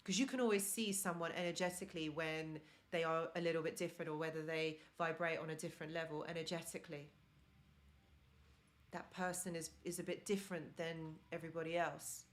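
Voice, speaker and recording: Earnest woman with an accent, low-ish voice. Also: fairly even intonation, brisk. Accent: non-native accent of English. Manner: earnest, encouraging, speaks directly to viewers. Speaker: live-stream host and relationship mentor. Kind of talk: live-stream advice talk to viewers.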